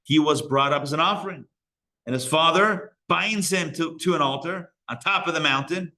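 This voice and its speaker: A man's voice: fairly high pitch, normal speed, pushed and bright. A man teaching a live Torah class as a rabbi, casual and joking with frequent digressions. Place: synagogue learning center.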